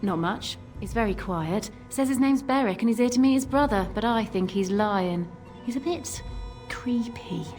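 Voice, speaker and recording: A woman's voice: on the high side, normal speed, few pauses, darkish tone, close to an everyday voice. Lady doing a dry, matter-of-fact barmaid in a game, faint music behind. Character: wry tavern barmaid keeping order in a grim village. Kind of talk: video game voice acting.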